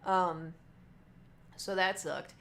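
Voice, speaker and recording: A woman's voice: on the low side, steady tone, extremely slow, gravelly, fairly bright tone, a little hiss or hum. A young woman streamer rambling through work stories in a chatty way, full of "like" and restarts. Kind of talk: casual storytelling.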